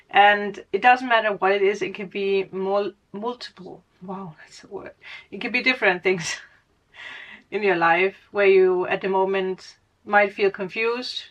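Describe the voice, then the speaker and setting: A woman's voice: medium pitch, a bit bright. A woman giving a casual spiritual reading as a tarot reader, rambling, laughing often and correcting her own words. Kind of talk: casual spiritual guidance monologue.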